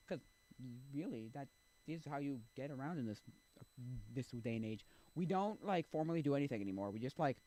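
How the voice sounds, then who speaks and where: A man's voice: medium pitch, animated, quick pace, dark tone. A man streaming, chatting casually and rambling with lots of fillers while he thinks aloud. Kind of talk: casual chat.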